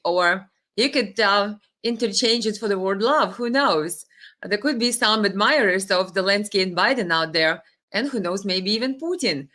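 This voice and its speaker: A woman's voice: medium pitch, moderate pace, sharp tone. A woman hosting a casual live stream, chatting with viewers and greeting them by name, sometimes stumbling over names.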